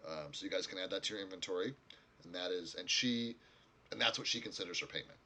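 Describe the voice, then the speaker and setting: A man's voice: deep voice, quick pace, pushed and bright, slight background noise. A man narrating as game master in a tabletop game, in a loose, rambling way, searching for words as he goes.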